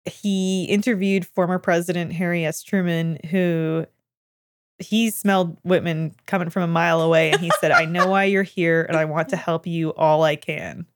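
A woman's voice: fairly low pitch, steady tone, normal speed. A woman co-hosting a podcast in casual chat, thoughtful and wry. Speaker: podcast co-host.

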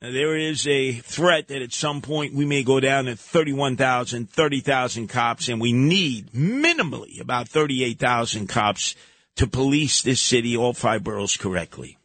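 A man's voice: mid-range voice, normal speed, a bit bright, dry recording. A man hosting a talk radio show, giving combative, sarcastic commentary. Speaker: radio host.

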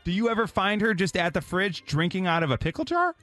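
A man's voice: sits high, fast talker. A man hosting a morning radio call-in show, joking with callers and acting out quotes. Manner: lively, joking, acts out quotes.

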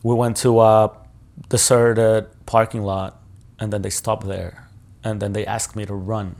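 A man's voice: fairly low pitch, flat delivery, unhurried, vocal fry, a little mellow. A male journalist recounting a personal ordeal in an interview, talking casually with lots of fillers and swearing.

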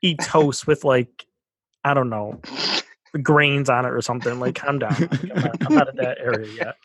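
A man co-hosting a casual sports podcast, chatty and quick to laugh. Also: mid-range voice, a crowd in the background. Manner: laughs often, chatty with filler words. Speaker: podcast co-host.

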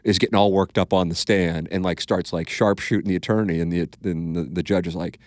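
A man with a St. tells casual stories on his podcast, profane and blunt, performing the quotes himself. He talks fairly quickly in a low, steady voice, recorded in a studio with no echo.

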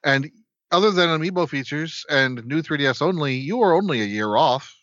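A man's voice: a little high, expressive, fairly quick, fairly bright tone, no room sound. A man co-hosting a casual podcast, with dry remarks and reading back old notes. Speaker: podcast co-host. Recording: dull lo-fi podcast audio.

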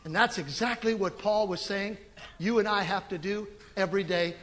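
A middle-aged man preaching a sermon as pastor, animated and emphatic, with sudden loud swells. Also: high-pitched, normal speed, in a large hall. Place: church sanctuary.

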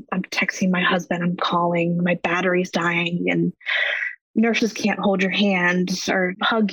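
A woman in her thirties, a guest on a podcast, telling her personal story in an emotional and halting way. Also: on the low side, a bit bright, slightly rough, no echo. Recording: dry, dull lo-fi audio.

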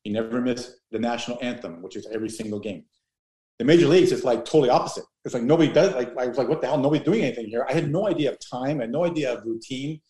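A man in his fifties telling rambling, animated stories as an interview guest, with many restarts. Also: mid-range voice, quick pace. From Canada. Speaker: guest, former pro baseball player. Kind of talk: casual storytelling interview. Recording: roomy echo.

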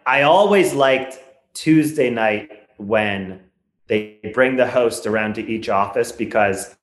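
A man's voice: medium pitch, takes it slowly. A man guesting on a podcast, telling stories in a wry, rambling way with lots of restarts. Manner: rambling, self-correcting, wry storytelling. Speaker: guest comedian. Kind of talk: casual podcast chat. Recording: roomy echo.

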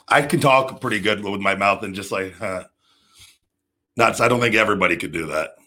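A brash man talks to his audience in a gravelly, husky voice, cursing freely. He hosts the show himself and speaks off the cuff about wrestling. He acts out moves with building energy. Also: on the low side, brisk, sharp tone. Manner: profane, brash, swears constantly. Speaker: podcast host and pro wrestler. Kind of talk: unscripted solo talk.

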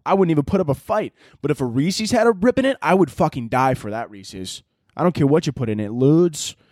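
A young man hosts a solo podcast, telling rambling, profane stories, often laughing and sometimes out of breath. His voice is on the high side and a little mellow. The recording is dry, studio quality.

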